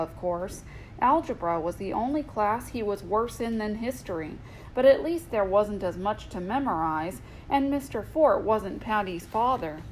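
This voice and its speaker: A woman hosting a children's show, reading a bedtime story in a gentle, playful way. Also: medium pitch, a little hiss or hum, rough recording. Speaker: host and storyteller.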